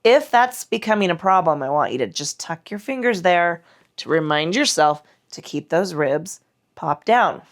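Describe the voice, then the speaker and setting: A woman teaching a mat Pilates class while she performs the exercises, her breath slightly tight from the effort. Her voice sits low and moves through a wide, animated range. A gravelly fry runs through her cues. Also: moderate pace. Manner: cueing breath and form, speaking against muscle contraction. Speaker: Pilates instructor.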